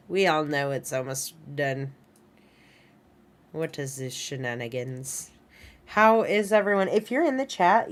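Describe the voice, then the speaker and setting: Low-voiced chatty woman teacher. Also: lively intonation, measured pace. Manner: chatty, informal, talks to students in chat. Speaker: animation instructor. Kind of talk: online class screen-share walkthrough.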